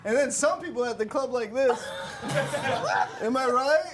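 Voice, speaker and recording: A man doing a rambling stand-up bit with a drawn-out delivery. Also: very high-pitched. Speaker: comedian. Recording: loud crowd and noise of a live show.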